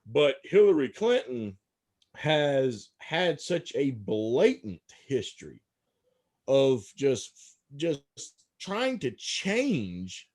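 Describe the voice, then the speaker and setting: A man's voice: mid-range voice, big pitch swings, takes it slowly, a little mellow. A man talking politics in a casual podcast discussion, emphatic, and often repeating a word several times before he gets going. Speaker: political commentator.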